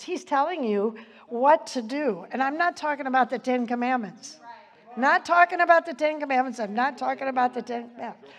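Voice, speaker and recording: A woman's voice: sits high, animated, normal speed. An older woman giving an informal Bible teaching, chatty, quoting scripture and laughing often.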